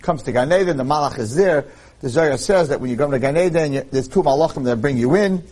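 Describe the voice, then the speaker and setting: A man speaking at a religious event, telling a joke story in an animated way. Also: on the high side, quick pace. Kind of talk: storytelling in a talk.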